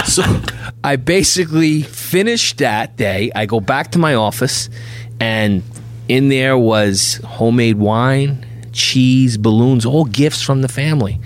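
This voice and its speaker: A man's voice: mid-range voice, a little slow, a little hiss or hum. A middle-aged bail bondsman tells his stories on a podcast. His voice sits in the ordinary middle range for a man. He acts out each character's dialogue with gusto. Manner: animated anecdote teller, acts out dialogue. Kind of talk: podcast storytelling.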